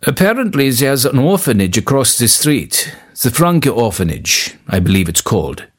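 A man's voice: mid-range voice, sing-song. A man reading the part of a formal, courteous professor of divinity in a storybook. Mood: kindly. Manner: formal, measured speech.

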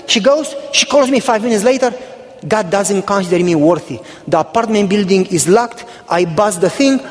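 A man's voice: sits high, long reverb tail. A middle-aged male pastor preaching a sermon, telling a story and acting out both sides of the dialogue. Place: church.

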